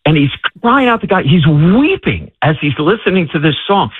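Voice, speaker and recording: A man tells a story with plenty of swing in his pitch, slipping into the voices of the people he quotes. His tone is slightly husky. The sound is dry and narrow, like a phone line. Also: normal speed. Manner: lively, acts out quoted voices. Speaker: author and guest. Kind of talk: animated storytelling.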